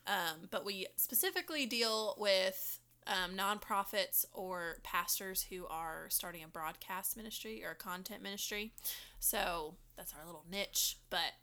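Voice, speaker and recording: Woman, Southern accent, slight twang, young adult, bright tone, casual podcast chat. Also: mid-range voice, unhurried. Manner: chatty, laughs easily, slight twang. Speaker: podcast co-host.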